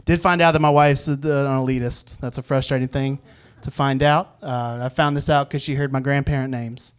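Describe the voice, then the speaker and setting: A man's voice: mid-range voice, fairly even intonation, normal speed, smooth. A man performing a stand-up comedy set on a club stage, acting out quotes and laughing at his own jokes. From Virginia, US South. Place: comedy club stage before a live audience.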